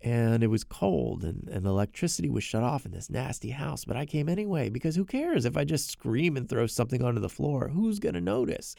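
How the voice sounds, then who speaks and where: Man with a gravelly voice, dry close mic, earnest personal storytelling with stumbling repeats. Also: mid-range voice, big pitch swings, brisk, hardly any pauses, dark tone, dry recording. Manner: earnest, repeats words when emotional. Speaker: podcast narrator.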